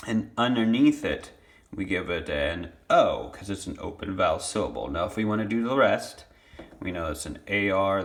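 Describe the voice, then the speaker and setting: A young man with a slightly low voice teaches children a phonics lesson. He sounds out each syllable slowly and patiently and repeats words for his pupils. He records it on a phone held in his hand. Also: a bit bright. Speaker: elementary school teacher.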